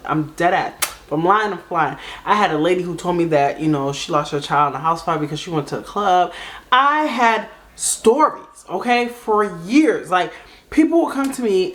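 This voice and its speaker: A woman hosting a reaction channel, telling a personal story in casual chat with emphatic repeated asides. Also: on the low side. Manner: emphatic, repetitive, conversational.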